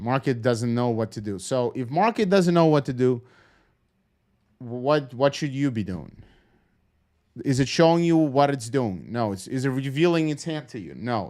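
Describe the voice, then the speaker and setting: A man giving casual, rambling commentary on a live trading stream, calm and low-key, swearing freely and full of fillers and restarts. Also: moderate pace.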